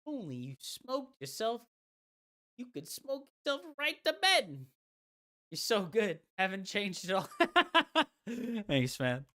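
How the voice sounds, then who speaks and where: A woman's voice: medium pitch, sing-song, slow pace, pauses often, a bit bright. A woman streaming a game, chatting casually with her viewers in crude, profane, teasing banter. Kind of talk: casual gaming stream chat.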